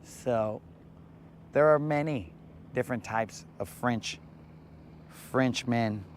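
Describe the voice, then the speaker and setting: A man's voice: medium pitch, slow pace, a little hiss or hum. A man hosting a live fishing vlog from a boat on a lake, bantering in a laid-back, joking way. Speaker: fishing show host.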